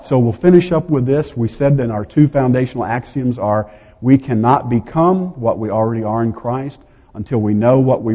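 A man's voice: medium pitch, dark tone, husky. A man preaching a sermon to a seated audience, teaching a Bible lesson in a conversational way, with chatty asides to himself and the room. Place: large hall before a seated audience. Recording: dull audio with long hall reverb.

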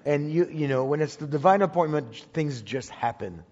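A man's voice: a little high, lively intonation, moderate pace, darkish tone. A man giving a sermon as a personal story, talking conversationally with frequent restarts and repeated words. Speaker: Bible teacher speaking to a congregation. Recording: dull recording with long hall reverb.

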